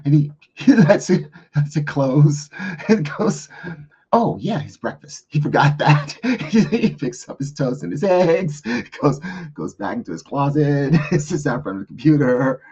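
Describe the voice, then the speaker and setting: A man playing a tabletop game, answering slowly and hesitantly. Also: on the high side, lively intonation, warm tone, breathy edge. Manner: slow, hesitant, with laughs. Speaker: player. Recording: dull lo-fi sound.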